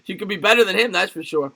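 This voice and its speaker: A man hosting a live sports stream, calling plays with excitement and chatting casually with viewers between plays. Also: sits high, creaky. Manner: excitable play-by-play calls, rambling chat between plays. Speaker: livestream sports host. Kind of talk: live play-by-play and chat with viewers.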